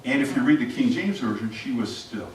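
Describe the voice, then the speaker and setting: A man's voice: medium pitch, brisk, slight background noise. A man preaching an interactive sermon, asking the congregation questions and acting out scenes. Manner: animated, asks the congregation questions and acts out scenes. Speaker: pastor. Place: church sanctuary. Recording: echoey church from a distant mic.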